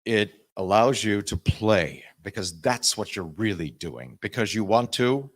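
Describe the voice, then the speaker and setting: A man with a lowish voice talks on a convention panel about narrating audiobooks. He speaks in an animated way, often breaking off and restarting his sentences. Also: unhurried. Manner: animated, uses music metaphors, self-interrupting. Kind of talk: panel talk.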